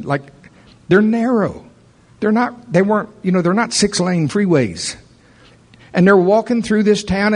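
A man preaching a sermon as pastor, talking conversationally and building in energy. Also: high-pitched. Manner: conversational preaching, rising animated toward the end.

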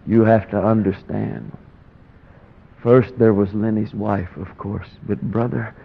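A man's voice: fairly low pitch, fairly even intonation, slow pace, creaky, a little hiss or hum. A man preaching, telling a folksy story and acting out the voices of the people in it. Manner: folksy, acts out the voices in his stories. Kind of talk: sermon storytelling. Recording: thin phone-like recording.

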